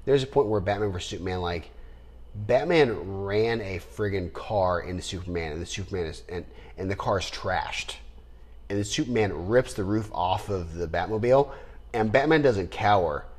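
A man co-hosting a podcast, chatting casually and rambling with animated bursts of laughter. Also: sits low, moderate pace. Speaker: podcast co-host. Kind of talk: casual chat.

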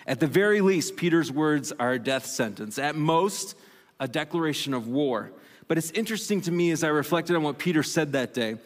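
A male pastor delivering a sermon in a conversational, animated way, with self-deprecating asides. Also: fairly high pitch. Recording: long reverb of a large hall.

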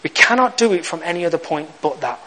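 Bright-voiced young man preaching with humor. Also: fairly high pitch, animated, quick pace, poor audio. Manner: humorous storytelling, acts out lines. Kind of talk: sermon.

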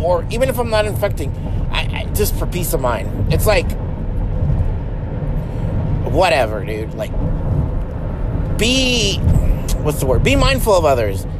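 A man hosting a casual solo podcast, talking bluntly and swearing a lot while he drives. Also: a little high. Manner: blunt, profane and ranting. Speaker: podcast host. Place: in a car while driving. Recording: road noise from a moving car. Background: car and street noise.

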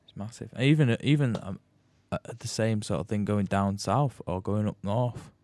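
A laid-back man, slangy and easygoing in casual chat. His voice is a little low. The sound is dry and close. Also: normal speed, darkish tone, no room sound. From Manchester, England. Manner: easygoing, slangy, hesitant restarts.

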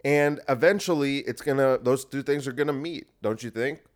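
Speaking at a medium pitch and moderate pace, a male podcast host delivers a casual monologue. It's rambling, crude, and sarcastic, with frequent restarts.

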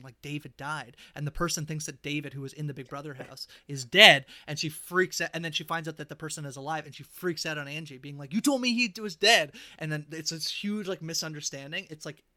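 Young guy podcast host, super bright voice, talks fast, full of "like", animated storytelling. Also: fairly high pitch. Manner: animated storytelling, heavy filler "like". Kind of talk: casual chat.

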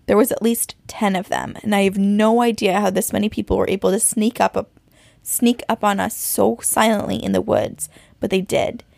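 A woman co-hosting a podcast, reading a listener's frightening story aloud with suspense and slowing down at the tense parts. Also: mid-range voice, steady tone, vocal fry, a little mellow, dry recording. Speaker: podcast co-host.

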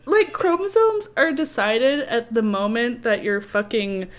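A woman co-hosting a podcast, recapping a book in casual chat, ranting and swearing and slipping into quick voices for the characters. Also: on the high side. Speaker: podcast co-host.

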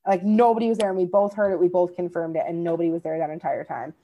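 A woman's voice: fairly low pitch, steady tone, fast talker, muffled recording. A young woman, co-hosting a podcast and telling stories in casual chat. She swears freely and acts out what people said. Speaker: podcast co-host.

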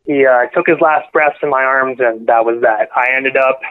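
A man guest on a podcast telling a painful personal story in a halting, earnest way, often correcting himself. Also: mid-range voice, steady tone, smooth. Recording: phone-line audio.

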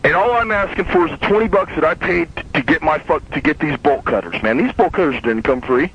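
A man's voice: a little high, animated, brisk, husky. A man telling a long, heated story in casual chat, profane and rambling, often restarting his sentences. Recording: dull lo-fi sound.

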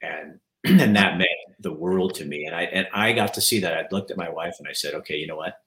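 A man's voice: deep voice, brisk, fairly bright tone. A middle-aged man hosting an interview, talking in an earnest, candid and emotional way. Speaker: podcast host. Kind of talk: heartfelt interview chat. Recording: roomy echo.

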